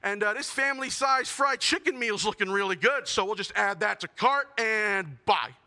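A young man performing a self-mocking stand-up comedy set, building to shouted punchlines. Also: sits high, expressive, normal speed. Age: young adult.

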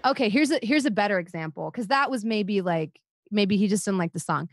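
A woman's voice: mid-range voice, fairly quick, no room sound. A young woman co-hosting a podcast, telling stories in casual chat with lots of "like" and frequent swearing. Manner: animated, frequent "like" fillers, swears. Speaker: podcast co-host.

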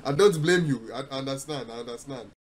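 A man's voice: mid-range voice, a little fast, heavy background noise. A young man from New York, a livestreamer teasing strangers on a video chat app with mocking, playful jabs. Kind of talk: prank video chat banter.

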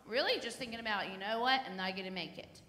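A woman leading children's time in church, gently and animatedly telling the children a story. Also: medium pitch, fast talker. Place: church sanctuary. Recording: echoey church hall, faint noise.

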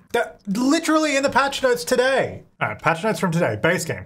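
A man talking his way through a life-sim game in casual let's-play commentary, his voice sitting a little high and bouncing up and down as he goes. He is chatty and playful, laughing often and answering the game's characters back. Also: fairly bright tone. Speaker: gaming video creator.

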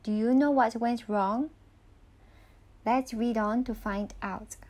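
Woman storybook reader, slow and patient, asks the kids questions. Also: a little high, steady tone, a little mellow. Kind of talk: read-aloud picture book narration.

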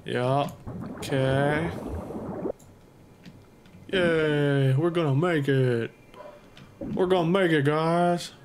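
A man's voice: on the high side, extremely slow, pauses often, slight background noise. A young man doing let's play commentary, goofy and self-mocking, talking to himself and to the game's creatures. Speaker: gameplay commentator. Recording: game music behind voice.

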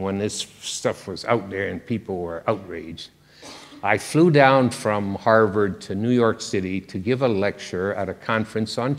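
An older man giving a public lecture, wry and conversational, with a self-deprecating humor. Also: lowish voice. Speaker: guest lecturer. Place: large lecture hall. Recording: reverberant lecture hall.

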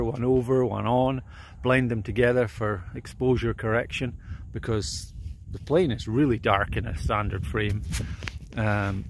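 A man, a photographer, chatting casually outdoors at a small airport at dawn, with a relaxed manner and many fillers. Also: medium pitch, slight background noise. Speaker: landscape photographer. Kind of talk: casual instructional vlog.

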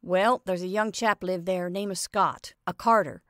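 A woman's voice: lowish voice, steady tone, moderate pace, fairly bright tone, dry recording, studio quality, natural voice. Brief: a woman doing a gossipy tradesman savouring his story, in her own register. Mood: relishing. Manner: chatty, relishing. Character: gossiping male delivery man, relishing bad news. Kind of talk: storybook reading.

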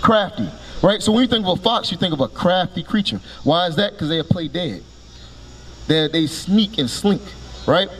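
A man with a high voice preaching outdoors, barking short commands to read and then expounding. He keeps asking his listeners questions to pull them in. Faint street ambience sits behind him. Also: animated, moderate pace, a little hiss or hum. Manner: commanding, calls for each scripture reading with a curt "Read", then explains it; quizzes listeners with repeated "right?" and rhetorical questions. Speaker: street preacher teaching passers-by.

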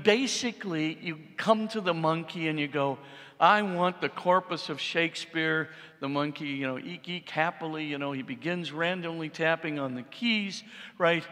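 A middle-aged man, a priest, giving an animated public lecture and often checking with the audience. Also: a little high. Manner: animated, repeats for emphasis, asks the audience "right?". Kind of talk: public lecture on science and faith. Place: large church. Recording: long reverb in a church hall.

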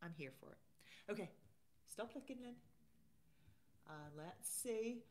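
A woman's voice: medium pitch, animated, unhurried, a little mellow. A woman hosting a casual live stream, chatting and reading out viewer comments. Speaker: livestream host.

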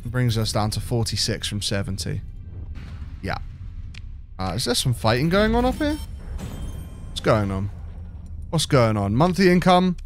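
A man's voice: medium pitch, big pitch swings, a little slow, long pauses, soft background music. A British man giving casual let's-play commentary, thinking aloud and rambling with restarts. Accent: British English. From Britain. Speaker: game streamer.

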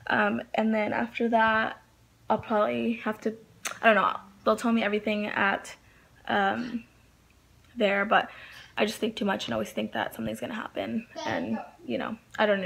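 Young mom rambling on phone vlog. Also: female voice, fairly high pitch, gravelly, fairly bright tone. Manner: rambling, hesitant, many fillers. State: feeling sick and down. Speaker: vlogger. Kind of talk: casual vlog chat.

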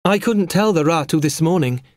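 An earnest, worried island boy, voiced by a man reading an audiobook. His voice sits a bit higher than the reader's own. Dry, close sound. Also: normal speed, no room sound, lightly acted.

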